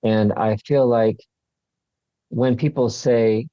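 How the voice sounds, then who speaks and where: Male author guest, slow and mellow, a bit muffled and dry. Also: medium pitch, expressive, no echo. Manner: slow, deliberate and thoughtful. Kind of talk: casual chat.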